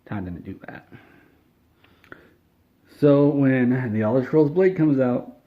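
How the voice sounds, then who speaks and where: A man telling an absurd made-up story in a deadpan, rambling way. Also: mid-range voice, takes it slowly. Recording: tinny phone-like sound.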